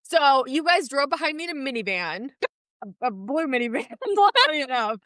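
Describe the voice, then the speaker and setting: A woman's voice: high-pitched, sing-song, moderate pace, a bit bright, no room sound, clean studio sound. A woman co-hosting a podcast, chatting casually and telling stories with lots of swearing and acted-out voices. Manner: swearing, acts out voices in her story. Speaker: podcast co-host. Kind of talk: casual chat, animated storytelling.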